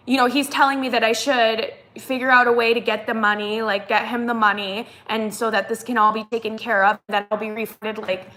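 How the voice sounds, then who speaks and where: Young woman vlogger, bright and slightly high voice, chatty storytime delivery. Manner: animated retelling, acts out quotes, fillers like "like". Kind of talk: casual storytime chat.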